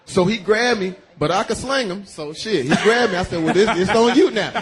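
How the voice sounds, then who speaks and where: A man's voice: sits high, brisk, a crowd in the background. A man hosting a radio show, telling a profane comic story and acting out the people in it. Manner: animated, profane, acts out the people in his story.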